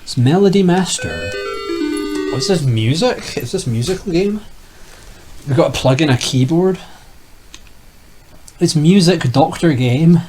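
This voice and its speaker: Animated young man rambling over gameplay. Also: fairly high pitch, a little slow, long pauses, soft background music, rough recording. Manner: rambling, jokey, talks to himself while playing. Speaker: retro gaming youtuber. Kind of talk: casual gameplay commentary.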